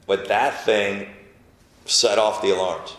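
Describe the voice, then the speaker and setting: A man being interviewed, telling a personal story in a halting, emotional way, with many restarts and a softer voice when he quotes people. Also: on the low side, fairly even intonation, roomy sound. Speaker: interview guest.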